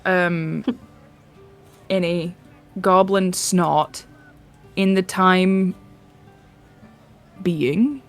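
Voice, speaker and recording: A woman's voice: on the low side, extremely slow, long pauses, soft background music. A woman playing a tabletop game, playful and giggly. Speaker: player. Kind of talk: casual tabletop game chat.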